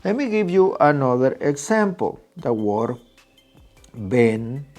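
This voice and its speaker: Patient man teaching, animated pitch. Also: moderate pace, faint music behind. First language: Spanish. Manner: patient, asks "right?" after nearly every point. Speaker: Spanish teacher. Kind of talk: video lesson.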